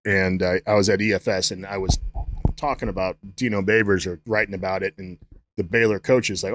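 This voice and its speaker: A man's voice: sits low, steady tone, a little fast, a bit bright. Profane rambling middle-aged man. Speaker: guest, strength coach. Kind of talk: casual podcast chat.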